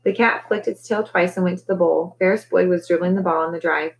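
A woman reading a children's novel aloud in a steady storytelling manner. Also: a little fast, rough recording. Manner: steady storytelling, lifting pitch for characters' lines. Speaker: reader. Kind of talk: read-aloud narration.

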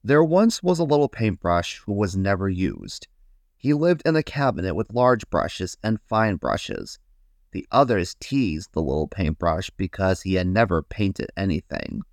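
A man hosting a podcast, reading a children's story aloud in a gentle, guiding way. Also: low-pitched, very animated, dry recording, clean studio sound. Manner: gentle, slow, guiding listeners. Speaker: host and storyteller.

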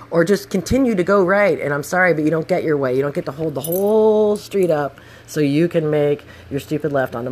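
Profane, animated woman telling a road-rage story. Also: low voice. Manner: profane, animated, acts out the shouting. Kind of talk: casual storytelling monologue.

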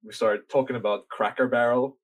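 A man's voice: medium pitch, fairly even intonation, brisk, rough recording. Rambling, swearing young man telling a story. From Norway. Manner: rambling, swears a lot, many fillers. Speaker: podcast guest telling a story. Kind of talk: casual chat.

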